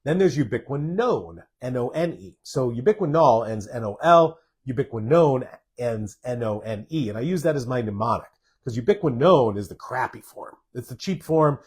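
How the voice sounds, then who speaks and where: During a live session, a doctor reads out viewer questions and tackles them in plain, direct language. The man has a mid-range, slightly mellow, husky voice with lively intonation at a moderate pace.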